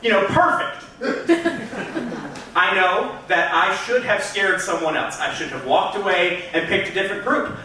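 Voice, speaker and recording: A man's voice: high-pitched, normal speed, bright, forceful tone, a little hiss or hum. A man doing stand-up comedy on a club stage, telling a story in a theatrical, punchy way and talking straight to the crowd. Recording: echoey club room, mic at a distance.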